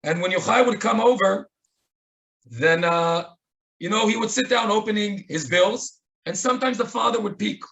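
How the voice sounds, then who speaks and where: A man's voice: high-pitched, normal speed, creaky, fairly bright tone. A man with an Israeli accent, speaking at a remembrance webinar and telling stories earnestly with quoted dialogue. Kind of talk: storytelling tribute. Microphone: webinar microphone.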